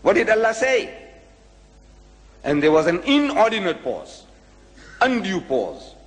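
A man's voice: sits high, big pitch swings, measured pace, long reverb tail. A man telling a story in a lecture and dramatically acting out the people he quotes.

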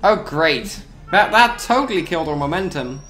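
A man giving casual gameplay commentary, excitable, repeating himself and yelping at sudden moments. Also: on the high side, moderate pace, faint music behind.

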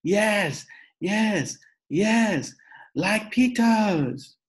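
A man's voice: high-pitched, lively intonation, a little slow, voice pushed up. A man voicing a small toddler boy who hollers and screams in a tantrum. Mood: insistent.

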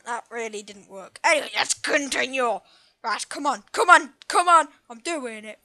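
A young gaming YouTuber chatting casually over a let's-play, muttering quiet asides. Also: high-pitched, animated, moderate pace.

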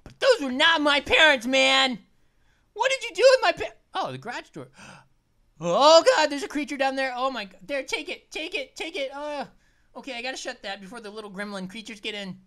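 A woman's voice: high-pitched, a little fast. A woman hosting a let's play, chatting casually and jumping at every scare. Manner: excitable and easily startled, chatty. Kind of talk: casual gameplay commentary.

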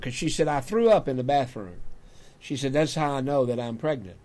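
An older man, hosting a talk show and telling a folksy personal story, growing animated when he quotes himself. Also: medium pitch, a little fast. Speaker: radio talk show host. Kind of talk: storytelling monologue.

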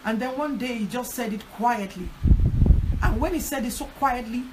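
A woman's voice: fairly high pitch, moderate pace. Emphatic woman pastor, noisy. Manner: emphatic, repetitive exhortation. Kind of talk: teaching talk on a prayer line. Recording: loud background noise.

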